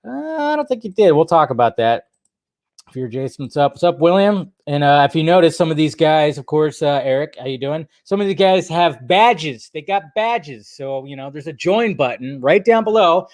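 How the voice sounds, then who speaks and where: With a fairly high, darkish voice and lively intonation at normal speed, a young man hosts a laid-back live stream, greeting viewers by name and chatting, plus a slight throaty cough. His desk microphone gives studio-quality sound with no echo.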